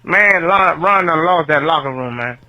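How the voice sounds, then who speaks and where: A man's voice: on the high side, expressive, normal speed, sharp tone, poor audio. A man calling in to a fan podcast, ranting with heated, profane complaints. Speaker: caller. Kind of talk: phoned-in fan rant.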